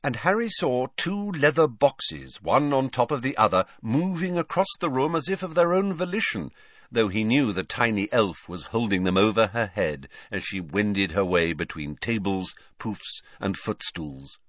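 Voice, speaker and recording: A man reading a story aloud as narrator, clear and unhurried. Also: fairly low pitch, animated, a bit bright, dry recording, clean studio sound. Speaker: audiobook narrator. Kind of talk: scripted narration.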